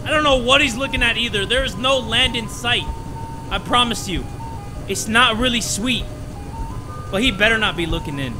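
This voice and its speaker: High, animated man narrating a horror game. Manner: excitable, jokey, loud startled yelps. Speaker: gaming video host.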